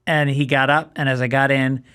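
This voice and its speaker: A middle-aged man, a comedian guest, telling an animated story and acting out both sides of the dialogue. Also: mid-range voice, brisk, clear, resonant tone. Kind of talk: casual chat.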